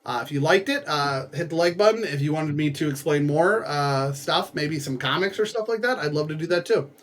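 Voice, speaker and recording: A young man with a slightly high voice talks through the end of a book he enjoyed. He rambles with plenty of fillers, jumping into voices for the characters and making gun sounds along the way. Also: expressive, fairly bright tone. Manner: rambling, lots of fillers and quick asides. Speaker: book reviewer. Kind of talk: casual book summary.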